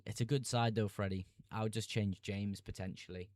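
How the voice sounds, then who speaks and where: A man's voice: fairly low pitch, steady tone, brisk, darkish tone, no room sound, clean studio sound. A young man streaming live, chatting casually, laughing easily, and answering viewer comments about fantasy football picks.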